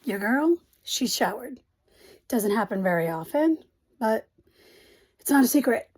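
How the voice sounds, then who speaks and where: A woman's voice: on the high side, sing-song, measured pace, darkish tone, husky, dry recording. A young adult woman talking frankly to the camera in a casual vlog, open and self-deprecating about her daily life and money. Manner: frank, self-deprecating, talks to viewers directly. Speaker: single mom vlogger.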